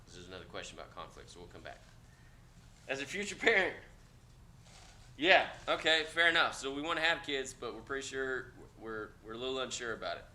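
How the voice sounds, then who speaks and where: A man lecturing a class of cadets, blunt and joking, with loud outbursts. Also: lowish voice, a little hiss or hum. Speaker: instructor.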